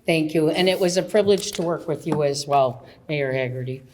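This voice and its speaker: A woman's voice: low voice, fairly quick, a little mellow, a little hiss or hum. A woman emceeing an event, talking to an audience in a playful, teasing way and laughing as she speaks. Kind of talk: public speech at an event.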